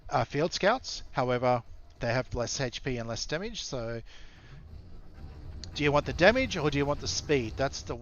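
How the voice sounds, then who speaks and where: An Australian man commenting casually on a strategy game match, rambling and halting with frequent fillers. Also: mid-range voice, very animated, a bit bright, muffled recording. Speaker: esports caster.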